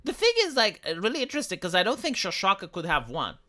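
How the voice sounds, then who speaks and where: Bright-voiced man ranting on a stream. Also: high voice, wildly swooping pitch, fast talker. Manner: rambling, profane, mocking. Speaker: livestreamer. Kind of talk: casual livestream rant.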